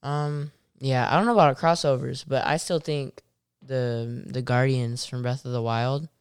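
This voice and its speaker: A man with a smooth, resonant voice chatting about games, pausing often as he hunts for the right word. the recording is dry and close, with no room sound around him. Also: mid-range voice, fairly even intonation, no echo. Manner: hesitant, searching for words. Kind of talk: casual gaming chat.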